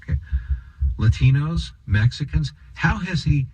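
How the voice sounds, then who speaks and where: A man's voice: fairly high pitch, animated, unhurried, darkish tone, breathy edge, low-quality recording. A man giving an opinion monologue as a political commentator, sarcastic and emphatic, firing off rhetorical questions.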